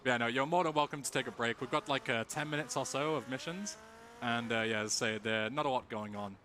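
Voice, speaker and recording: A man's voice: medium pitch, brisk. A young English man casually commentating his own game speedrun for a live audience, chatty and joking. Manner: chatty, relaxed, jokes with the audience. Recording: noisy event stream audio.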